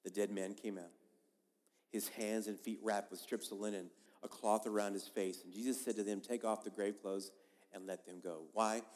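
A man as a pastor giving a sermon in a church, preaching in a conversational but emphatic way and swinging between loud and soft. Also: fairly low pitch, fairly even intonation, moderate pace. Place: church sanctuary. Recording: long reverb of a large hall.

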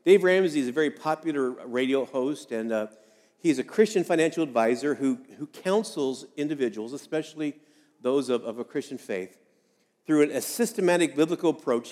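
A man's voice: mid-range voice, darkish tone, in a large hall. A man giving a sermon as a pastor, speaking conversationally and repeating key phrases for emphasis.

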